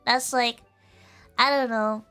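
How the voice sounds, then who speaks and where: A woman streamer chatting casually with her viewers in a high, girlish voice, giggling often and filling her talk with "like". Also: fairly even intonation, takes it slowly, sharp tone, clear, resonant tone, faint music behind. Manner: giggly, laughs often, full of "like" fillers.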